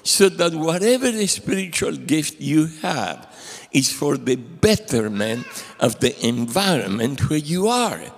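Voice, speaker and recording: A man's voice: on the high side, a little slow, husky. An older man preaching a sermon as a guest speaker, telling stories and acting out the dialogue in them. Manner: animated storyteller acting out quoted dialogue. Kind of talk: sermon with storytelling. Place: church sanctuary. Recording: long hall reverb.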